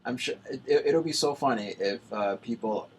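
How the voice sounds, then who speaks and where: A young man hosting a casual college radio interview, teasing and quick to laugh. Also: medium pitch, a little mellow, husky, rough recording. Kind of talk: casual on-air chat.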